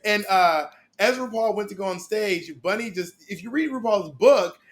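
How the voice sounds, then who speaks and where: High-pitched gossipy host. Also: male voice, moderate pace. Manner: gossipy, eager storyteller with fillers and asides. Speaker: podcast host. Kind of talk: casual storytelling chat.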